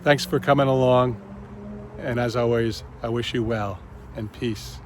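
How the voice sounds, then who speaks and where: A man speaks slowly and gently on his own spiritual vlog, with long pauses between short phrases. His voice sits at an everyday middle pitch, and faint traffic hums behind him outdoors. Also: fairly even intonation. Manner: slow, gentle, pausing often. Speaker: channel host.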